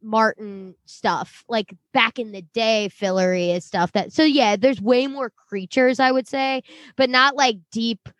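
A woman co-hosting a casual show recap, animated, swearing freely and laughing often. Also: a little high, measured pace, no echo. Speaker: podcast co-host, book reader.

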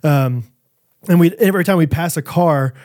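A man in his thirties co-hosting a podcast, telling family stories in a casual, animated way with frequent laughter. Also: fairly high pitch, normal speed. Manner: animated storyteller, laughs often. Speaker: podcast co-host. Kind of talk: casual chat.

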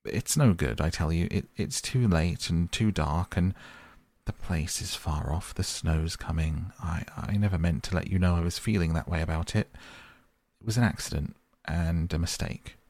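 A man reading the part of a tearful, homesick male mole in a storybook, speaking in halting, stammering sobs. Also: deep voice, darkish tone, no echo. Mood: pleading.

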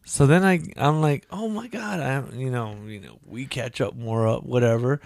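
Gravelly man telling a rambling story. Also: normal speed, a little mellow, dry recording. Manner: rambling, full of "you know" and "right?"; acts out quoted voices in a high pitch. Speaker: podcast co-host. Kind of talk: casual storytelling chat.

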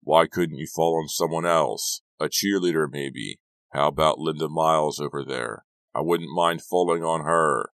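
Man doing a slow, teasing teen joker. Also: a bass voice, fairly bright tone, dry recording, clean studio sound, exaggerated voice. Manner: slow, drawn-out teasing delivery. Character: wisecracking teenage boy, dry joker.

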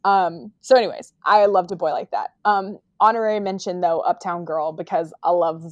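Woman, podcast co-host, mid pitch, emphatic and giggly, dead-dry sound. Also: normal speed, dry recording, highs cut off. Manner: laughs often, emphatic. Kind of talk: casual chat.

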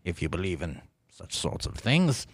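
Polite gentleman speculator by a male player, formal phrasing, gravelly lively delivery. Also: deep voice, normal speed, no room sound, full character voice. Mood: courteous. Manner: formal, courteous, old-fashioned phrasing.

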